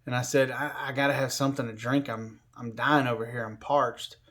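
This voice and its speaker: A man's voice: medium pitch, flat delivery, brisk, a bit bright. A man casually telling a personal story in a rambling, conversational way, full of fillers like "you know" and "like.".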